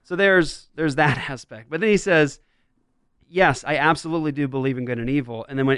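A man hosting a show, commenting emphatically on a played interview clip, with wide swings in pitch and loudness. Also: fairly quick, clean tone, no echo. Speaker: podcast host.

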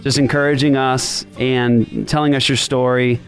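A man's voice: mid-range voice, little pitch movement, moderate pace, soft background music. A man hosting a Christian talk radio show in a casual, joking and sarcastic way, thanking listeners. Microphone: studio microphone.

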